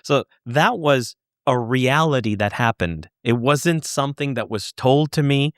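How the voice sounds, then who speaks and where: A man guest on a podcast, earnestly telling a story, halting and searching for words, swearing for emphasis. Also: medium pitch, lively intonation, no room sound, studio quality. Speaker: podcast guest, former UFO investigator. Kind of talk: conversational storytelling.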